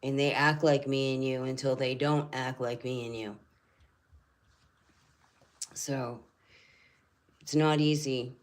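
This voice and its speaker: A woman's voice: extremely low pitch, steady tone, slow pace, long pauses. Earnest, rambling older woman. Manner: earnest, rambling, repeats phrases. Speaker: spiritual channel host. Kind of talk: casual livestream talk.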